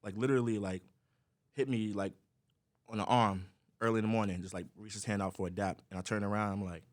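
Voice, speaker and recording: A man's voice: on the low side, quick pace, no room sound, clean studio sound. A young man from Brooklyn, co-hosting a casual chat and telling a story with lots of laughter and acted-out quotes. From Brooklyn, New York. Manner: animated storyteller, laughs often, acts out quotes. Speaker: podcast co-host.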